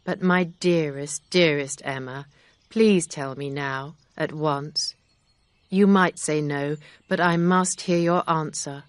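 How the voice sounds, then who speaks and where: A sincere, serious gentleman , read by a woman in her own low voice, speaks slowly and steadily. The tone is low, plain and unhurried. This is a calm storybook reading. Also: no room sound. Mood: earnest. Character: grave, sincere gentleman in love. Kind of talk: audiobook character reading.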